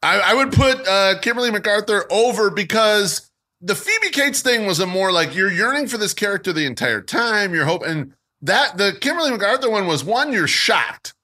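A man co-hosts a casual podcast, full of crude, joking banter. His voice sits high and swoops up and down with lively ups and downs. The tone is bright and forward. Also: normal speed. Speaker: podcast co-host. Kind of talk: casual chat.

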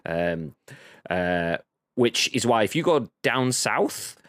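A man's voice: lowish voice, big pitch swings, takes it slowly, fairly bright tone, dry recording, clean studio sound. A man co-hosting a casual live-streamed podcast, rambling, swearing freely and reading chat messages aloud. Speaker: podcast co-host.

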